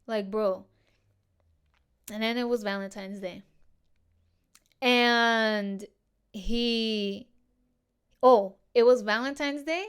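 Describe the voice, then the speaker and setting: A young woman hosts a casual podcast and tells a story in a blunt, salty way, full of swearing and "dude." Her voice sits a bit high and comes through very clear and smooth. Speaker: podcast host.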